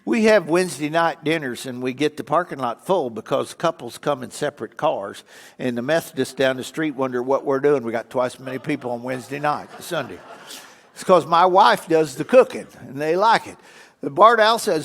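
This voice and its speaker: A man's voice: a little high, normal speed. Older guy spinning funny hunting yarns, voice jumping all over, long echo from the church hall. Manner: lively, imitates animal calls. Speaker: guest speaker at a church event. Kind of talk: folksy humorous storytelling. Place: church sanctuary.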